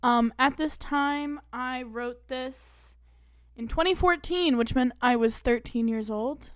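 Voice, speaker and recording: A woman's voice: sits high, slow, smooth. A woman in her twenties from Pennsylvania, co-hosting a casual podcast with a joking, giggly manner and plenty of "like" and "um". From Pennsylvania, USA. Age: 20s. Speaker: podcast co-host. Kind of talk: casual chat.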